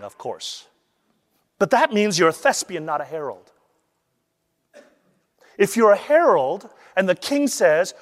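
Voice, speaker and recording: A man teaching how to deliver a sermon, lively and acting out the voices he quotes. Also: high voice, moderate pace, in a large hall. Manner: animated, acts out quoted voices. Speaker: preaching instructor.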